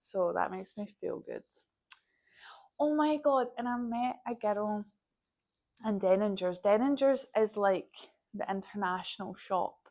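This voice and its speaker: A young Scottish woman talks straight to the camera in a relaxed vlog, chatty and a little scattered. She tells stories by acting out what everyone said, and "like" pops up all the time. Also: medium pitch, measured pace, gravelly. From Scotland. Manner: animated storytelling, acts out quoted dialogue, frequent "like". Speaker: vlogger.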